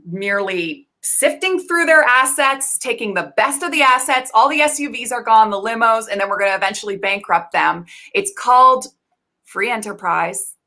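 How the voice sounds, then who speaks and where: A woman's voice: medium pitch, pushed and bright, poor audio. A haughty biotech executive, played by a woman who bosses her staff around in slick corporate jargon. She is pompous and dismissive, talking down to the people who work for her. It comes across as an improvised comedy scene.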